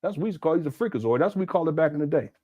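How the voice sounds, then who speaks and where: A man's voice: fairly high pitch, expressive, racing, dark tone, slightly rough, no room sound. A middle-aged man from Southern California commenting on a video clip in a casual, incredulous, mocking way. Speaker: commentary channel host.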